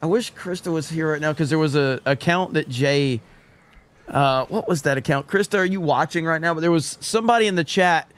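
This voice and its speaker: A man co-hosting a casual chat show, animated and laughing often as he sets up clips. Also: on the high side, fairly quick. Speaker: podcast co-host.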